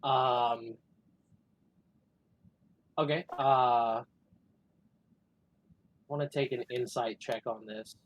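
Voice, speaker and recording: A man's voice: medium pitch, very slow, long pauses, low-quality recording. A man playing a tabletop game who describes his character's actions tentatively, with many fillers. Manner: filler-heavy, tentative, bursts of excitement at rolls. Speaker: player.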